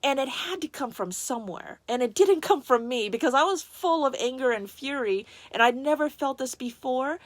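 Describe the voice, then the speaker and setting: A woman's voice: sits high, lively intonation, moderate pace, few pauses, no echo. A woman candidly telling a personal story to the camera, emotional and close to tears, with many restarts and fillers.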